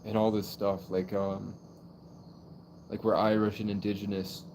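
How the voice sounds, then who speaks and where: Young male streamer with a lowish voice, rambling monologue peppered with fillers, faint crickets behind. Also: level tone, measured pace, darkish tone, a little hiss or hum. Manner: rambling, heavy use of "like" fillers. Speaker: livestreamer. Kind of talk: casual live stream monologue.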